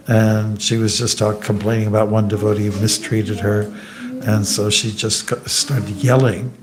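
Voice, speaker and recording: A monk giving an informal scripture class in a temple hall, telling anecdotes, joking and quizzing the audience. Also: male voice, lowish voice. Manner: chatty and joking, asks the audience questions.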